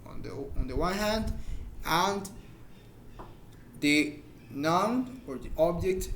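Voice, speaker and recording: Man, high voice, informal English teacher, patient repeated examples, slight hiss. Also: animated, a bit bright. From Mexico. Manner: explains slowly with repeated examples, searches for words. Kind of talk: informal grammar lesson.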